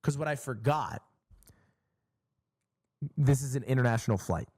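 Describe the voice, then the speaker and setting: A young man streamer telling a long, exasperated story in a casual, swearing, animated way. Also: mid-range voice, normal speed, breathy edge.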